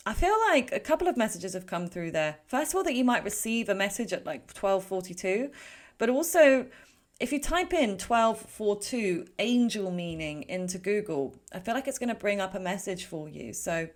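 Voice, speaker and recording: A woman's voice: medium pitch, animated, normal speed. A woman giving a casual pick-a-card tarot reading in a chatty, rambling way, with frequent fillers and self-corrections. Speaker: tarot reader.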